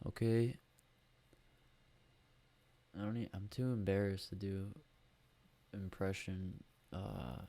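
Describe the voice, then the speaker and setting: A man's voice: low-pitched, fairly even intonation, slow, creaky, pauses often, mellow. A man hosting a solo podcast on a USB microphone, rambling and grumbling with lots of swearing. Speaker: podcast host.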